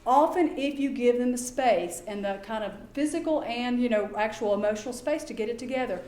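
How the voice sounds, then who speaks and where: A middle-aged woman giving a lecture as a behavior specialist, lively and acting out quoted exchanges in voices. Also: fairly high pitch, brisk. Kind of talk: conference lecture. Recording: echoey room, faint background ambience.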